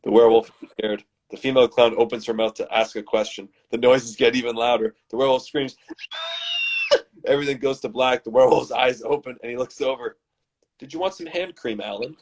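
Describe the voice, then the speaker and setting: A man from Canada, hosting and reading his comedy scripts aloud in a dramatic, animated way. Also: medium pitch, fast talker, hardly any pauses. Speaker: host and scriptwriter.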